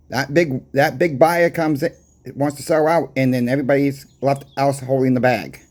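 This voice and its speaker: A man with a strong Boston accent talks through his weekly market numbers like a coin shop owner chatting across the counter. His delivery is conversational and repetitive, leaning on emphatic rhetorical questions to drive points home. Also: fairly high pitch. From Boston, USA. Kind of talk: casual market report to camera.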